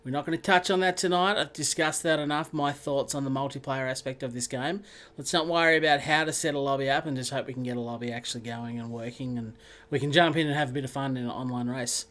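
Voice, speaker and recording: A man's voice: medium pitch, steady tone, fast talker, few pauses, fairly bright tone. A man hosting a live sim racing stream, chatting casually and greeting viewers by name.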